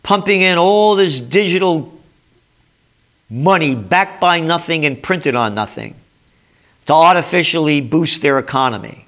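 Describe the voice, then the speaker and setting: An older trend forecaster hammers home his points in a ranting, sarcastic, emphatic commentary, his thick New York accent carrying a bright, forceful, slightly high voice. He sounds expressive and speaks a little slowly.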